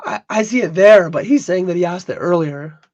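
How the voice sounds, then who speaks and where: A hoarse man who has lost most of his voice, co-hosting a casual livestream podcast and often stumbling and repeating his words. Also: high-pitched, brisk, darkish tone, highs cut off. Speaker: podcast co-host.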